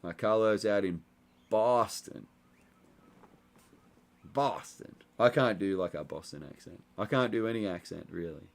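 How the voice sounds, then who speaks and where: Here a young livestream host talks briskly in a low voice with vocal fry, barely pausing. Reading through the chat, he keeps things relaxed and rambling, packing his loose, casual talk with fillers.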